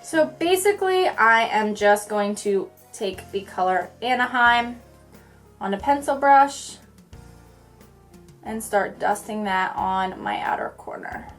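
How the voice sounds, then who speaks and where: A young woman chatting her way through a makeup tutorial, talking fast in a bubbly, goofy way. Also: mid-range voice, expressive, a bit bright, soft background music. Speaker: beauty vlogger.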